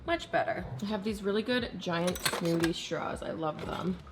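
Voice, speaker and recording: A young woman vlogging casually in her home kitchen, gushing and bubbly, full of "like" fillers, her voice a little hoarse. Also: lowish voice, normal speed, music in the background. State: slightly hoarse, losing her voice. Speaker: lifestyle vlogger. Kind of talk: casual chat.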